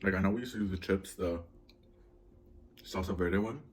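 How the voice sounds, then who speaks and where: Mukbang vlogger, low-pitched man, rambling anxious storyteller, faint hiss in the room. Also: normal speed. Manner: rambling, filler-heavy, anxious retelling. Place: at home, indoors.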